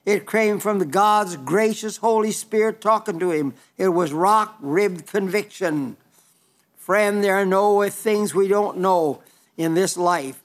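A man's voice: high-pitched, slow pace. An older man preaching an earnest sermon, emphatic and repeating key phrases.

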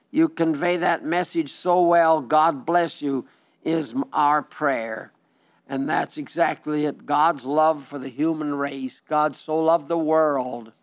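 An older man preaching a sermon in a studio, earnest and folksy, slowing down on emphatic phrases. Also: fairly high pitch. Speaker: radio/TV preacher reading listener letters.

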